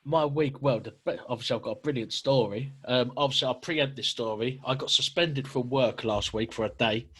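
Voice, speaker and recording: A man hosts a relaxed podcast chat over a video call. He tells stories in a chatty, slangy way, laughing often, at an ordinary middling pitch. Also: brisk, few pauses, breathy edge. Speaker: podcast host. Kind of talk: casual chat.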